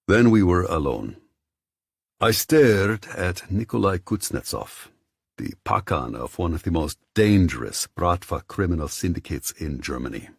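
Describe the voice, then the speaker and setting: A very low, husky male voice reads a first-person story in measured, even steps. It sits dry and close to the mic, with nothing around it. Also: dry recording. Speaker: audiobook narrator. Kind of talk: scripted first-person narration.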